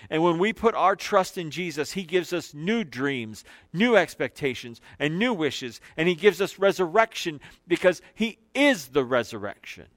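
A man's voice: a little high, no echo, clean studio sound. Man preaching in emphatic cadences. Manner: emphatic, repetitive preaching cadence, slowing and dropping quiet on key phrases; loose asides with fillers between scripture readings. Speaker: pastor. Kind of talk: sermon.

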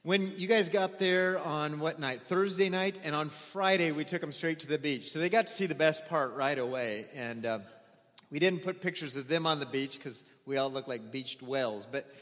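A man speaking in a fairly high register, relaxed and conversational as he tells stories to a congregation. His voice rings out with the long reverb of a large church hall. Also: normal speed. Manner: chatty, storytelling, loose with fillers. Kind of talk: mission trip report to a congregation.

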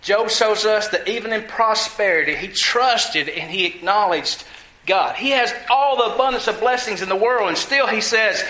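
A man's voice: high voice, expressive, normal speed, pushed and bright, echoey room, poor audio. A man preaching a teaching sermon, asking the congregation questions and answering them himself. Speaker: pastor.

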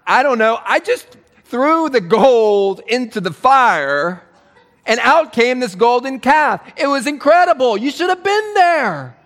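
A man preaching, putting on an evasive, babbling voice for Aaron, pushing it up high. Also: big pitch swings, measured pace, a bit bright, long reverb tail, heavily acted. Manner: babbling, evasive, rising to a squeak.

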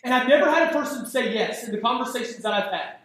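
A man's voice: very high voice, expressive, fast talker, a bit bright. A man preaching a sermon as pastor, in a conversational, emphatic way with frequent repeats and restarts. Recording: echoey hall, speaker far from the mic.

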